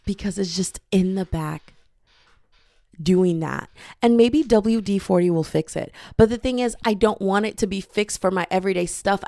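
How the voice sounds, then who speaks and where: A woman's voice: medium pitch, vocal fry, a little mellow, dry recording, studio quality. A young woman hosting a casual solo podcast from her bedroom, rambling playfully and slipping into bits of singing. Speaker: podcast host. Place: bedroom with hardwood floor. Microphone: podcasting mic.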